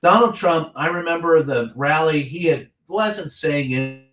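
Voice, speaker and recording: A man's voice: fairly high pitch, unhurried, fairly bright tone. Older guy reporter ranting hard about politics, swears a lot, kinda echoey room. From Kentucky. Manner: blunt, ranting, swears freely. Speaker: veteran White House reporter, guest. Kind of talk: impassioned political talk.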